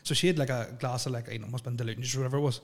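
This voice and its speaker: Young man, mid-pitched, rambling and giggly, podcast storyteller. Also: steady tone, rapid-fire. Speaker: podcast co-host. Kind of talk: casual chat, storytelling.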